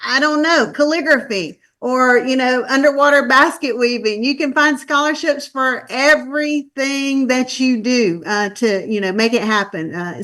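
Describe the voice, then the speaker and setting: A woman's voice: a little high, fairly bright tone. A woman in her fifties with a Southern US drawl, a guest speaker chatting effusively on a webinar. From Charlotte, North Carolina. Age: 50s. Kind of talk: casual webinar chat.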